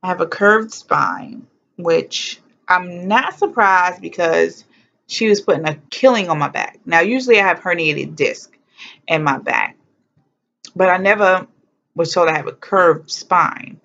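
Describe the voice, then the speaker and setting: A young woman telling a personal story to camera in a casual, animated way, blunt and swearing freely, acting out what people said. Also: fairly low pitch, unhurried, vocal fry. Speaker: vlogger. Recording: dull lo-fi sound.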